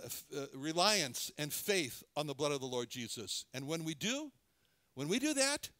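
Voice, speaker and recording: A man delivers a sermon in a somewhat higher voice. He speaks earnestly but haltingly, restarting phrases and repeating words as he lingers on them. The sound is dry and close, with no room echo. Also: bright, forceful tone. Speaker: preacher.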